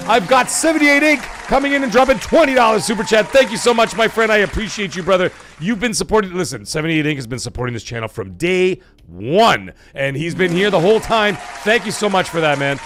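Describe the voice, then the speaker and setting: A man's voice: high-pitched, fast talker, hardly any pauses, a little hiss or hum. A man hosting a casual livestream, swearing freely and reading viewer donations aloud. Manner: excitable, swears often, reads donations aloud. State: emotional, voice catching. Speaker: livestream host.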